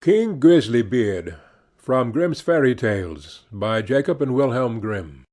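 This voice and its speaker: A man narrating a fairy tale audiobook in a measured, expressive storytelling manner. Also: mid-range voice. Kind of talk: scripted narration.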